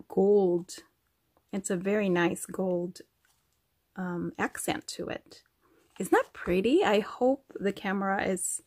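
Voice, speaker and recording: A woman's voice: mid-range voice, a little hiss or hum. A woman vlogger gushing over craft gifts in a casual show-and-tell, talking to her viewers at home. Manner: gushing, effusive, addresses viewers as you guys.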